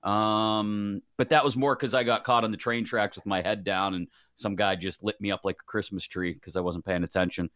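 A man's voice: fairly low pitch, fairly even intonation, normal speed, few pauses, a bit bright, smooth, no echo, clean studio sound. A man filling in as co-host, chatting casually and telling self-deprecating stories with frequent laughs. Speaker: fill-in co-host. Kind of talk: casual chat.

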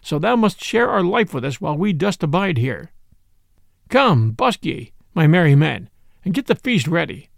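A man's voice: a little high, very animated, normal speed, vocal fry, dry recording, studio quality. A man voicing a jolly outlaw leader who teases with mock gravity, in an audiobook reading. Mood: mock-grave. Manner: teasing and mock-grave.

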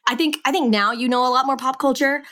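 A young woman co-hosting a casual podcast chat, sarcastic and quick to joke. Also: high voice, fairly even intonation, pushed and bright. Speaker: podcast co-host.

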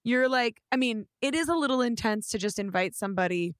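A woman hosting a casual chat, encouraging her guest with quick, friendly replies. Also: a little high, lively intonation, dry recording, studio quality.

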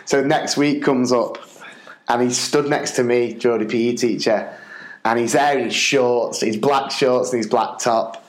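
A man who is a primary school teacher and podcast host, telling lively anecdotes and acting out voices. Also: mid-range voice, measured pace. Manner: lively storyteller, acts out voices. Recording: roomy echo.

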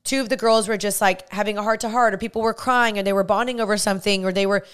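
A woman's voice: mid-range voice, fairly even intonation, quick pace, smooth. Bubbly young woman, gushing storyteller. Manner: bubbly, gushing, heavy use of "like". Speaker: podcast host. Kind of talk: casual storytelling monologue.

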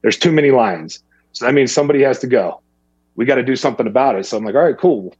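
A man with a slightly husky voice rambles through a story in casual podcast talk, jumping into other people's voices as he quotes them. The sound is dry and close, a bit dull and lo-fi. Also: medium pitch, fast talker, no echo. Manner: rambling, animated when quoting others. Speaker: guest.

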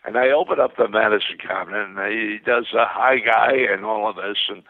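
Gravelly older man on a phone line. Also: fairly low pitch, moderate pace, dry recording. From Queens, New York. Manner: rambling, enthusiastic anecdotes with many restarts. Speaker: guest. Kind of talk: phone interview storytelling. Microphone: telephone.

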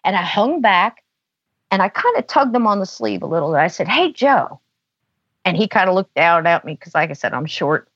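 A woman's voice: on the low side, animated, a little fast, a bit bright, no room sound. A woman guest on a podcast, telling a long story in a chatty way and saying "you know" a lot. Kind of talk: casual storytelling. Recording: dull lo-fi dry sound.

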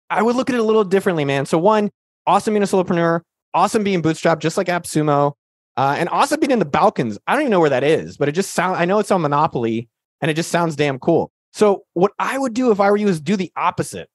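A man's voice: high-pitched, lively intonation, fast, no echo, studio quality. A man hosting a podcast, answering listener questions in a casual, jokey, slangy way. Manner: jokey and slangy, full of banter. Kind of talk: casual, hyped Q&A talk.

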